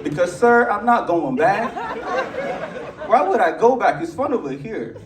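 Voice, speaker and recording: A man's voice: high-pitched, big pitch swings, unhurried, recorded from a distance, background noise. A young man in his twenties from Lagos with a Nigerian accent, doing a brash, crude stand-up set at a comedy club. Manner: brash, crude, conversational punchlines. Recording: echoey club audio from afar.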